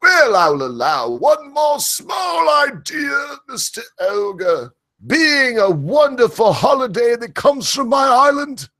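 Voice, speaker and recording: A man putting on a pompous, scolding British gentleman in a mock posh accent. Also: very animated, slow, full character voice. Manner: prissy, scolding, shrill.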